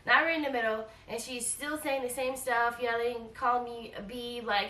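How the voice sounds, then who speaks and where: A woman in her forties telling a travel storytime in a casual, animated way, acting out quoted lines and repeating herself. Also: on the high side, moderate pace, hardly any pauses, far from the mic. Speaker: travel vlogger. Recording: echoey room, voice a bit off-mic.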